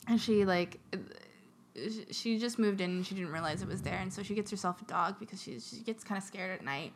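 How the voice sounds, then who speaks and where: A woman co-hosting a podcast, telling a scary story in a rambling, giggly way and dropping to a hushed near-whisper. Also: medium pitch, a little fast, slight background noise. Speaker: podcast co-host. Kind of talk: casual chat, telling scary stories.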